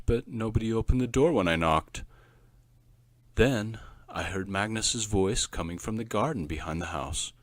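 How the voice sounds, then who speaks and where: A man narrating a children's storybook in an expressive storyteller reading. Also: lowish voice, no room sound.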